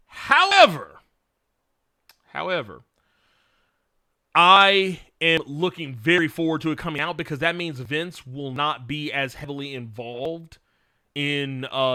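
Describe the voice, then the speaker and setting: Fired-up guy ranting on his stream, super bright tense voice, a bit high. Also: unhurried, no room sound, studio quality. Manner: frank and excitable, laughs often, swears. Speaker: livestream host. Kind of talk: casual chat answering viewer questions.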